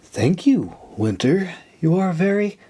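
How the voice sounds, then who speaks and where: A man voicing a gentle young female mage who speaks softly and coos. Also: high voice, sing-song, slow pace, breathy edge, pitched above the performer's own voice, heavily acted. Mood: coaxing. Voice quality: soft, cooing.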